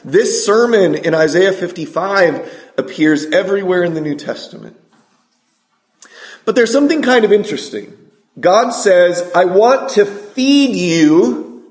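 Middle-aged male preacher, lively sermon delivery, high-pitched, reverberant sanctuary sound. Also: a little slow. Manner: energetic preaching, asks the congregation questions.

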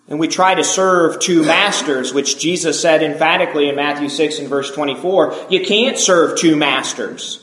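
A male pastor delivers a sermon in an earnest, emphatic way, stacking repeated phrases to drive each point home. His voice sits high for a man. The sound carries a noticeable room echo. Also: fairly bright tone.

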